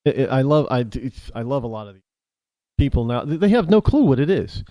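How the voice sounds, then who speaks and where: American male talk radio host, lively delivery, mellow tone, rambling opinionated monologue, dry studio sound. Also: mid-range voice, brisk, no room sound. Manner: rambling, with many restarts and asides. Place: New England.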